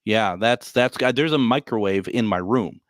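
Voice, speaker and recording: A male radio host with a lowish voice chats casually with callers from a hotel room. He rambles and jokes, stacking up fillers and restarts. The sound is close and dry. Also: normal speed, no room sound. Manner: rambling, filler-heavy, joking. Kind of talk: casual call-in radio chat.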